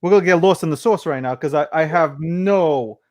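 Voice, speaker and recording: A man's voice: a little high, a little fast, a loud crowd. A man in casual livestream chat, brash and joking, swearing freely. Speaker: crypto personality guest.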